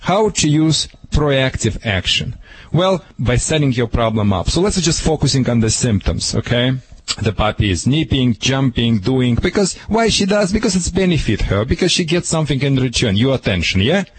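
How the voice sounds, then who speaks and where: A man from Russia with a Russian accent, a dog trainer giving animated, punchy advice on a radio show and repeating his key phrases. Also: mid-range voice, normal speed, husky, rough recording. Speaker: dog trainer answering a caller. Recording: radio broadcast.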